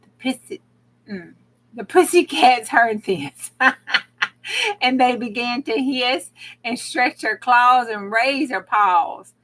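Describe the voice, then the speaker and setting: A woman reads old cautionary rhymes aloud in an unhurried way. Her voice is bright and sits a little high. She breaks off between verses with dramatic gasps and exclamations. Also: low-quality recording. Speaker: crafting channel host.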